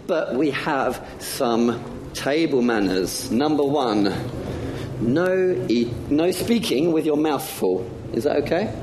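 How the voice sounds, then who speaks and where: A man's voice: mid-range voice, background noise. A man giving a playful talk to children during a church service, asking them many questions. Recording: echoey church hall.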